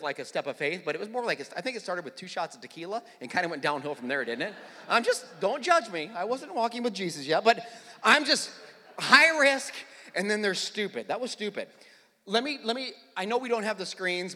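Animated preacher with a bright, lively voice. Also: male voice, high-pitched. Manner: animated storyteller, self-deprecating humor, rises to near-shouting in dramatic moments. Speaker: pastor. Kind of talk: sermon with personal story. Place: church auditorium. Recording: long hall reverb.

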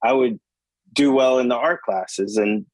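Middle-aged New York guest musician, easygoing and full of fillers, mid-pitched and dry-sounding. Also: male voice, measured pace, a little mellow, no room sound, rough recording. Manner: laid-back, filler-heavy. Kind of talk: casual interview chat.

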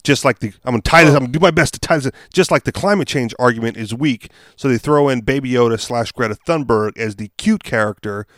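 A man's voice: mid-range voice, quick pace, few pauses, a bit bright, no echo, studio quality. A man co-hosting a podcast in casual chat, asking questions and steering the talk. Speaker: podcast co-host.

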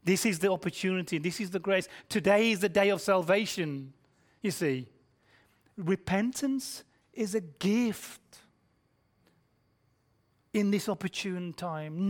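A man preaching a sermon, blunt and confrontational, swinging between hushed, whispered lines and shouted passages while quizzing his listeners. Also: high-pitched.

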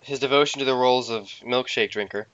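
A man's voice: mid-range voice, fairly even intonation, fast, background noise. A young man co-hosting a casual podcast, teasing his friends and laughing in playful mock outrage. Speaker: podcast co-host. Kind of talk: casual chat among friends over a call. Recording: lo-fi online call audio.

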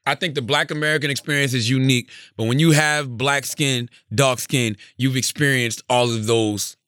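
A man co-hosting a podcast in casual chat, blunt and animated, swearing and repeating himself. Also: mid-range voice, moderate pace, clear, resonant tone, dry recording, studio quality. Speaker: podcast co-host.

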